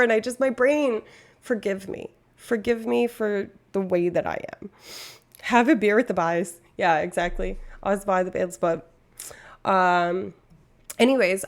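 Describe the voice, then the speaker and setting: A woman's voice: on the low side, a little mellow. A young woman from Canada chatting casually on a live stream, rambling and interrupting herself.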